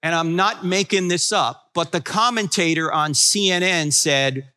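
Sixties male apologist with a high, bright voice; wisecracking storyteller for a room. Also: a little slow, clean tone. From New Jersey. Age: 60s. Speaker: Christian apologetics speaker. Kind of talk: humorous live talk to an audience. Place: room with a live audience.

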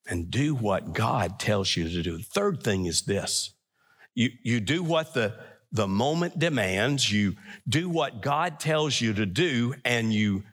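Man preaching, lively rising and falling delivery, bright voice, slow deliberate pace, long hall reverb. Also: medium pitch. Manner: emphatic, dramatic swings between loud and hushed. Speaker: pastor. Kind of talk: sermon.

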